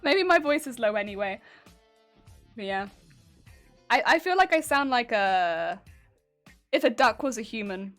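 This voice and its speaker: A woman's voice: fairly high pitch, lively intonation, unhurried, long pauses, a bit bright, soft background music. A woman streamer chatting casually with viewers while she does machine embroidery, laughing often and poking fun at her own grating voice. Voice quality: grating, honking voice.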